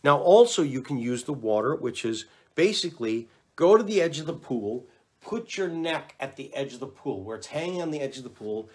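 A man giving relaxed, chatty instructions on neck exercises, talking to the camera and demonstrating as he goes. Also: on the high side. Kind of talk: casual instructional talk to camera.

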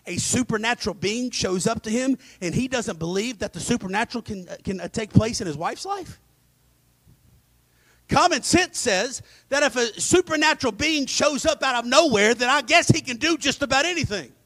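A male pastor preaching a dramatic sermon, swinging between loud emphasis and hushed asides. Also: extremely high pitch, animated, moderate pace, dry recording. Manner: acts out scripture voices.

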